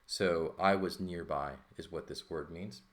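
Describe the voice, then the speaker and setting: A man's voice: low-pitched, fairly even intonation, unhurried. A man teaching a textbook lesson in a loose, thinking-aloud way, full of fillers and "right?" checks. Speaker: Greek teacher. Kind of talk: informal lesson walkthrough.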